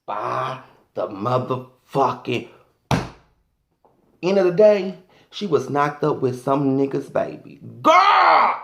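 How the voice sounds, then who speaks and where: A man's voice: medium pitch, expressive, slow, creaky, pauses often, echoey room. A man doing a sassy, flamboyant, profane comic rant as a vlogger.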